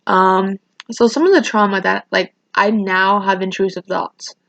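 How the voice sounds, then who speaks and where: A woman's voice: mid-range voice, steady tone, measured pace, vocal fry, a bit bright, no echo, highs cut off. A teenage girl vlogging a casual storytime rant, rambling with many restarts and acting out what people said. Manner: rambling, restarts often, quotes people in raised voices.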